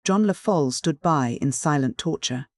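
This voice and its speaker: An audiobook narrator at a middling pitch, reading Victorian prose in a steady, measured manner. The sound is close and dry, recorded on a studio mic. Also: no echo. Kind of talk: scripted narration of a Victorian story.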